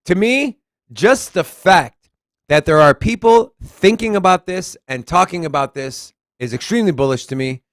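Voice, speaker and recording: This Texas man co-hosts a podcast, speaking in a high voice at a normal pace with no room sound and a dry, close tone. In his Southern accent he reads articles aloud, riffs on the headlines, and cusses casually. The talk is a lively, casual crypto news chat.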